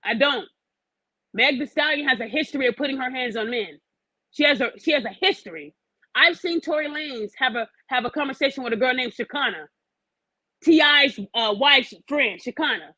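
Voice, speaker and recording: Woman podcast host, high voice, dry close sound, brash and profane, confrontational. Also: moderate pace, sharp tone, no echo, low-quality recording. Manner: challenges the listener with pointed questions. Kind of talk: opinionated podcast rant.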